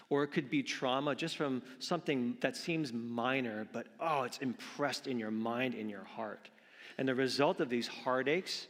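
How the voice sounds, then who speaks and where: A man's voice: mid-range voice, a bit bright. A man preaching a sermon as pastor, earnest, often repeating words and calling his listeners friends. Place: church sanctuary. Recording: long reverb of a large hall.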